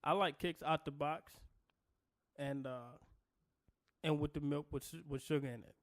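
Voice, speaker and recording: A man's voice: fairly high pitch, steady tone, moderate pace, no echo. A man co-hosting a podcast, teasing his co-host and laughing often in slangy, casual chat.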